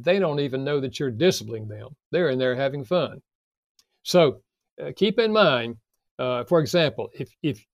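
An older man, a guest author, calmly explaining parenting advice with everyday examples in an interview. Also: medium pitch, no echo, studio quality. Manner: calm, measured, explains with examples.

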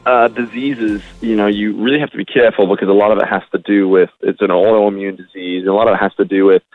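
Low-voiced man, candid, phone-thin. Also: fairly even intonation, no room sound. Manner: candid, halting, many fillers. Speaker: guest musician. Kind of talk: casual interview chat. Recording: dry, phone-like sound.

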